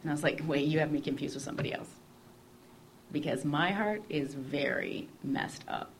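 A woman telling her personal faith story in an expressive, conversational way, often dropping to a hushed voice. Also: low voice, moderate pace, a little hiss or hum. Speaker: guest sharing her testimony.

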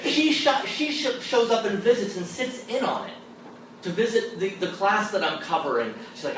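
Animated storytelling man, distant mic. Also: moderate pace, very echoey. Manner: acts out quoted people, often dropping low and soft for them. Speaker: theology lecturer telling a story. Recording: distant mic, noisy live room.

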